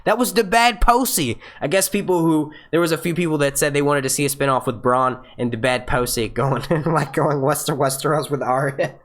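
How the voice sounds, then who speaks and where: A man hosting a casual live review stream, excitable and profane, rambling and restarting his sentences as he talks into his webcam. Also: a little high, a little fast, hardly any pauses. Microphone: webcam setup.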